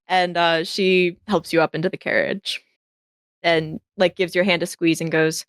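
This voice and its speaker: A woman game master narrating a tabletop game in relaxed second-person description. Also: fairly low pitch, unhurried, smooth, dry recording, clean studio sound.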